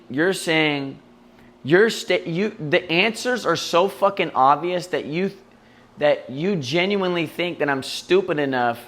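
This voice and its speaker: A man's voice: a little high, a bit bright. Profane, venting male streamer. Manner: mimics others in mocking voices. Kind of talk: casual live-stream rant.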